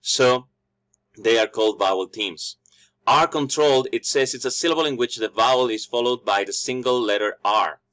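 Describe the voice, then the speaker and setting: A man teaching a pronunciation lesson in English, his first language Spanish, thinking aloud with small restarts and saying example words slowly to show their stress. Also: medium pitch, a bit bright. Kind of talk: explanatory lesson.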